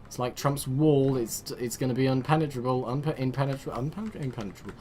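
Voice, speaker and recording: A man commentating his own strategy game play, excitable, barking orders at his units and muttering to himself. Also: medium pitch, a little fast. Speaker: let's play host. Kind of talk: gameplay commentary.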